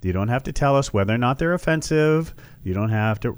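A man hosting a political talk show, giving animated, opinionated commentary and mocking his opponents. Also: mid-range voice, fairly quick, smooth, no room sound.

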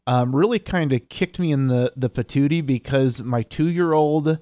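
A man co-hosting a local radio talk show, talking easily with halting restarts and laughs. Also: medium pitch, dark tone, dry recording. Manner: easygoing, halting, laughs often. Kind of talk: casual radio chat. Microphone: studio microphone.

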